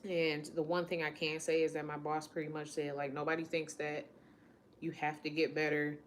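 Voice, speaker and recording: Low-voiced woman in her late twenties. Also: level tone, normal speed, slight background noise. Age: late 20s. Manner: candid, emotional, quotes others in conversation. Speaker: vlogger. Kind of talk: personal storytelling vlog.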